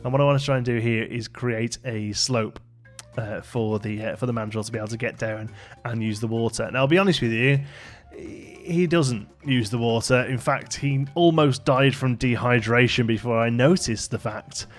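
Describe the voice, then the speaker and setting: Sounding a little worn out and yawning now and then, this gaming YouTuber walks through his build at a moderate pace. The let's play commentary is loose, chatty and meandering, full of fillers and jokes at his own expense, with soft music faintly beneath his ordinary-pitched voice.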